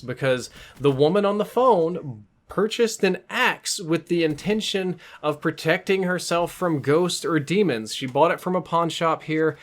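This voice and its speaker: A man vlogging, telling a story in a casual, amused and animated way. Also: fairly high pitch, unhurried. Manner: animated, amused, self-mocking.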